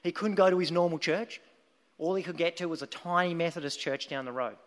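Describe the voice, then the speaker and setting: A man's voice: on the high side, a little fast, long reverb tail. A man preaching a sermon, telling a story earnestly and with emphasis.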